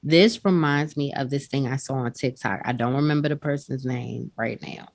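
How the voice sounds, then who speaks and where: Low-voiced woman co-host, dry sound. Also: creaky, no echo. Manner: slows down to stress words when retelling examples. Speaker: podcast co-host. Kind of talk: casual chat.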